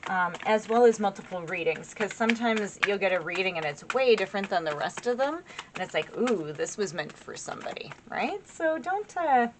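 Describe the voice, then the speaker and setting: A woman in her forties chats through a tarot reading, easily excited and gushing over each card. She rambles with fillers and asides to her viewers in a voice of middling pitch. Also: fairly quick, background noise. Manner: chatty and excitable, laughs often, gushes over cards. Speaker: tarot reader. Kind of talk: casual tarot reading to camera.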